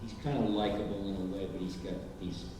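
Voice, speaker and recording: Older male voice actor on a panel, lively storyteller, distant roomy hall mic. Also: sits low, fast. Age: 70s. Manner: animated storyteller, bursts into character voices. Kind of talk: convention panel Q&A. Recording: echoey hall from far off, noisy.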